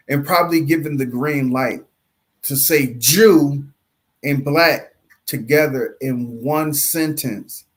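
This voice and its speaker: A man with a light Southern accent giving slow, preachy commentary on a livestream, full of rhetorical questions and drawn-out emphasis. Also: on the high side. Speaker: panelist.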